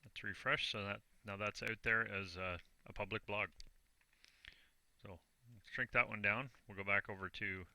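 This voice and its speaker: Canadian guy walking thru a screen tutorial, low voice, bright and punchy, dry sound. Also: steady tone, moderate pace, vocal fry, dry recording. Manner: plain, self-deprecating, talks through each click. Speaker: online business vlogger. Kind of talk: screen-recorded tutorial walkthrough.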